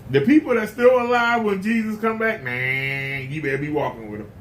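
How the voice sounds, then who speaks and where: Man preacher, casual spoken sermon, emphatic and folksy, slightly high voice. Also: steady tone, moderate pace, fairly bright tone, a little hiss or hum.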